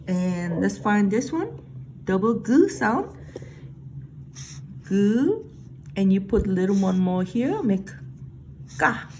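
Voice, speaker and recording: A middle-aged woman with a Korean accent leads a Korean alphabet lesson, speaking very slowly and with patience. Her voice carries a gravelly edge. A faint noise hums under the recording. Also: medium pitch, darkish tone, rough recording. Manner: patient, repeats sounds slowly and stresses them. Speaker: language teacher.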